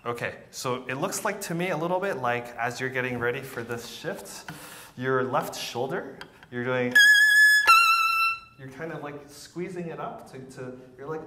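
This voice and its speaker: A man's voice: on the high side, lively intonation, moderate pace, heavy background noise. A man teaching a violin masterclass, encouraging and patient, often repeating words and counting beats aloud. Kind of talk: masterclass coaching.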